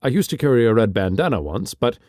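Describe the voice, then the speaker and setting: A man's voice: medium pitch, big pitch swings, fast, a little mellow, no echo, studio quality, natural voice. A man reading an audiobook, voicing an embarrassed, over-polite Englishman. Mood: flustered.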